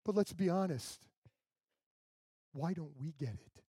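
A man's voice: high voice, measured pace, long pauses, dark tone, no room sound. A male pastor preaching a sermon in a conversational way, acting out the people he quotes.

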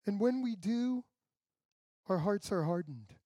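A man's voice: sits high, animated, unhurried, warm tone, no room sound. A male pastor preaching a sermon in a conversational way, acting out the people he quotes.

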